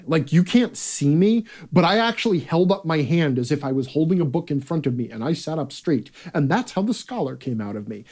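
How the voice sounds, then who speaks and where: A man's voice: on the high side, a little mellow. A man hosting a live chat, talking bluntly and casually with profanity and rambling asides. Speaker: host.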